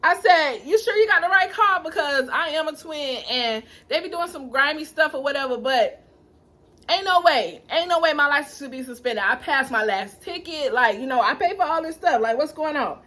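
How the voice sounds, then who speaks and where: A young adult woman telling a dramatic personal story to her viewers in a lively, animated way. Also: high-pitched, normal speed. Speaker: vlogger. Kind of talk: storytime vlog.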